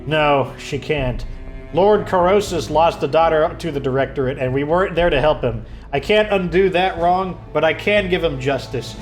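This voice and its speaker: A man's voice: fairly high pitch, moderate pace, soft background music, natural voice. A man reading aloud the earnest, firm lines of a resolute young noblewoman leader from a video game.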